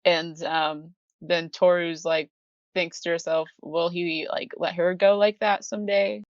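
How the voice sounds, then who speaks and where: A woman's voice: on the low side, flat delivery, a little slow, no room sound, dull audio. A woman co-hosting a casual podcast, giggling as she retells scenes and acts out the characters' lines. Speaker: podcast co-host. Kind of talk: casual anime recap chat.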